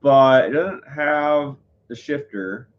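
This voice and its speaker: A man's voice: medium pitch, takes it slowly, lo-fi sound. A man chatting casually on a live stream, rambling, full of fillers and self-corrections. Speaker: livestreamer.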